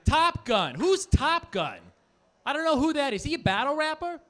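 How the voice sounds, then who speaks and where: A stand-up comedian voicing a loud, clueless man from New Jersey who has never seen a movie, with a put-on New Jersey accent and baffled questions. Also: very high voice, big pitch swings, moderate pace, voice pushed up, heavily acted.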